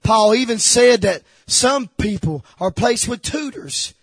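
A man preaching a sermon, emphatic and repetitive, swinging from shouted lines to hushed confession. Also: very high voice, expressive, unhurried, husky, dry recording. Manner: emphatic, repeats phrases.

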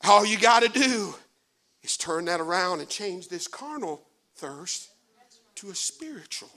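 A male preacher delivers a folksy sermon in a church. His voice sits very high, with bright, forceful edges and a lively rise and fall. He drops to hushed asides, then builds to shouts. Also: measured pace.

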